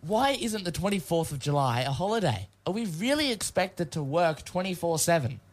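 A man's voice: a little high, sing-song. A young man hosting a casual studio show, teasing his co-hosts and drawing out his jokes. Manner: playful, teasing, drawn-out joke delivery. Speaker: radio show host.

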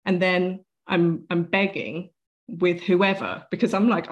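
With a lowish voice and a measured pace, a female interview guest recounts an experience from her life. Her telling is earnest and vivid, and she acts out the quoted lines.

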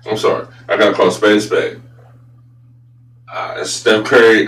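Blunt, profane man talking basketball. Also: lowish voice. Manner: blunt, profane, gets loud and incredulous. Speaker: sports podcast host. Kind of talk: casual opinionated sports talk. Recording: roomy echo, voice a bit far from mic, faint hum.

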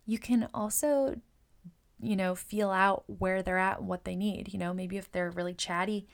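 A woman's voice: medium pitch, steady tone, normal speed, gravelly. A woman who works as a hairstylist and Reiki practitioner, casually coaching fellow stylists and acting out client chats. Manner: chatty, often acts out client conversations; repeats words and uses fillers.

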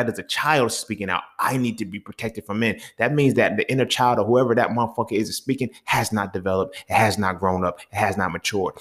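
A man's voice: lowish voice, a bit bright. A young man hosting a solo podcast, talking in a heated, profane, exasperated rant. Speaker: podcast host. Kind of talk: casual solo podcast monologue.

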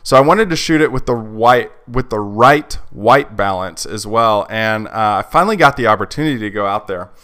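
A man's voice: fairly low pitch, lively intonation, normal speed, hardly any pauses, fairly bright tone, clean tone. A man hosting a podcast, telling a story in a casual, chatty way, full of "like" and "you know". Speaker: podcast host.

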